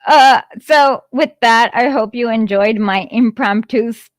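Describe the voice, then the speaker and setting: Woman streamer, unhurried and giggly, hesitant delivery, dry close sound. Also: on the high side, no room sound. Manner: giggly, hesitant, lots of fillers. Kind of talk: impromptu livestream commentary. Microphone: phone streaming app.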